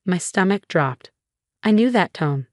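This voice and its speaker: A woman narrating a first-person story in a steady, measured way. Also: on the low side, no echo, studio quality.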